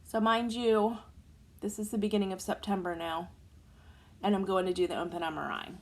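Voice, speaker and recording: A woman in her forties chatting to the camera, telling a long personal story in an animated, casual way. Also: mid-range voice, fairly quick. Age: 40s. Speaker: vlogger.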